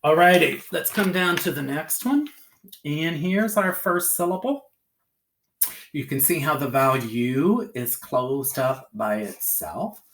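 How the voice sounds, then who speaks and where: Male phonics teacher, patient and sing-song, lively pitch, sounds out letters slowly. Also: a little hiss or hum. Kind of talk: phonics lesson for children.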